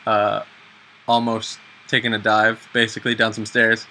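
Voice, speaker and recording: A young man talks casually in a very bright, sharp voice. He keeps joking at his own expense and acts out small scenes as he goes. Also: on the low side, completely flat delivery, normal speed, a little hiss or hum, rough recording. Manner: joking, self-mocking, acts out little scenes. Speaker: video host. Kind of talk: casual chat.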